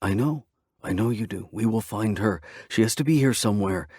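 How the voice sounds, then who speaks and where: A man voicing a blunt, steady male biker who talks firmly to a panicking friend. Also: fairly low pitch, fairly quick, slightly rough, no room sound, clean studio sound. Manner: firm, blunt.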